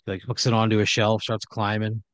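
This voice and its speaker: A man's voice: fairly low pitch, monotone, fairly quick, dry recording. A man improvising a comedic horror story for a player, talking casually, ramblingly and with profanity. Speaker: storyteller running the game.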